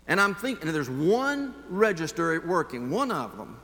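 A man preaching a sermon as pastor, telling a personal story in an earnest way and shifting between slow emphasis and quick asides. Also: high-pitched, big pitch swings, pushed and bright, in a large hall.

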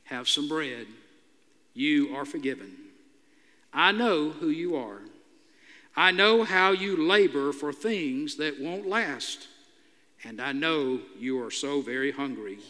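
A pastor voicing a tender, all-knowing divine speaker, soft and reassuring, in an echoey church hall. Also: male voice, fairly high pitch, animated, slow pace, full character voice.

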